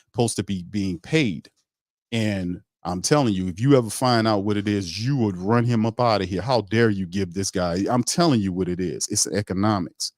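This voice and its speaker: Emphatic low-voiced sports talk host. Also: male voice, dry recording, studio quality. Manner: emphatic, blunt, repeats for emphasis. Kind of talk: casual sports talk rant.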